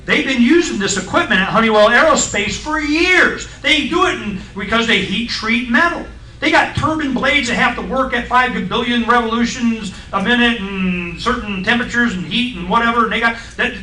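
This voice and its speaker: A middle-aged man on a radio talk show, explaining science in a blunt, folksy, excitable way and acting out voices in his stories. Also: extremely high pitch, moderate pace, roomy sound, far from the mic, rough recording.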